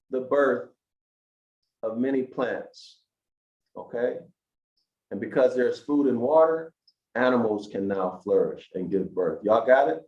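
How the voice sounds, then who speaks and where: Slow, emphatic man lecturing in an echoey room. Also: medium pitch. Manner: preachy, slow and emphatic, asks the listeners questions. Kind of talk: lecture to an online audience. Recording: echoey room, dull lo-fi sound.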